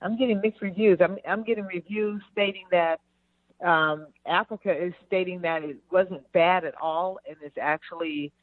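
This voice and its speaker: A woman's voice: on the low side, steady tone, moderate pace, no room sound. Woman co-host calling in, loose hesitant chat, tinny phone sound, pretty dry. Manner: loose, hesitant, thinking aloud. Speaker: radio co-host, real estate agent. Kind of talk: casual on-air chat.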